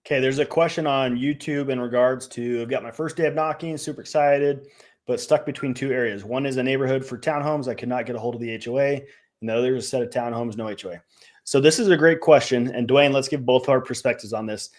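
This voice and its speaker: Energetic man giving sales advice. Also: mid-range voice, fast talker. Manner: energetic, direct, practical. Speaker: co-host and realtor. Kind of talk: casual business podcast chat.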